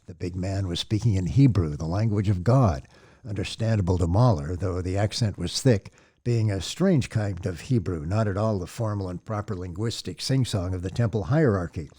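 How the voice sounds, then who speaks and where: A man narrating an audiobook in a measured, descriptive storytelling manner. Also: sits low, dark tone, husky. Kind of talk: scripted narration.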